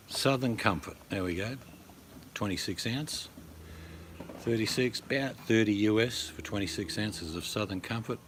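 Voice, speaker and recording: A man's voice: lowish voice, normal speed, slight background noise. A middle-aged Australian man vlogging in a blunt, joking, rambling way. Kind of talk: casual to-camera chat.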